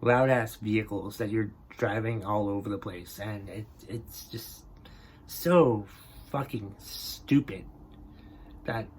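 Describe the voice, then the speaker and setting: A man's voice: lowish voice, takes it slowly, slightly rough. A man hosting a comedy podcast, ranting in a grumpy, exasperated and profane way about things that annoy him. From northern New England. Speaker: podcast host. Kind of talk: comedic rant.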